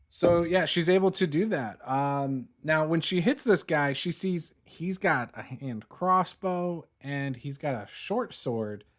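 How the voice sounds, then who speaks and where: A man running a tabletop game as dungeon master, relaxed and quick to laugh. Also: medium pitch.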